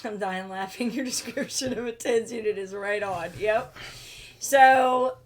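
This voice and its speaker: A woman's voice: mid-range voice, unhurried. A woman co-hosting a livestream in casual chat, chiming in often and laughing easily. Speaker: co-host of a homestead livestream.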